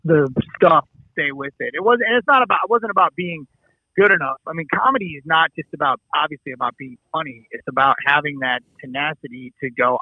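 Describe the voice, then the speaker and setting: A middle-aged man from the Midwest, telling a story as an interview guest in an animated, casual way, acting out dialogue and swearing freely. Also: a little high, fairly quick, no room sound. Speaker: actor and producer guest. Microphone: remote call. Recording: dull lo-fi call audio.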